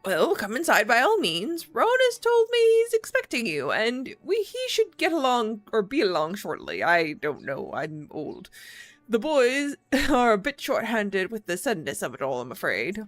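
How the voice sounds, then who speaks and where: Lady doing a sweet frail old grandpa guy, polite, a bit shaky, bouncy pitch. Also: huge pitch swings, moderate pace, no echo, faint music behind. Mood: kindly. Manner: kindly, polite, slightly trembling.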